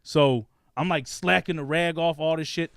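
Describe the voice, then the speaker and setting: A man's voice: fairly high pitch, fairly even intonation, normal speed, gravelly, a bit bright, a little hiss or hum. A young man, hosting a podcast and telling a wild, profane story, acting out the voices of other people. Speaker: podcast host. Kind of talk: casual storytelling.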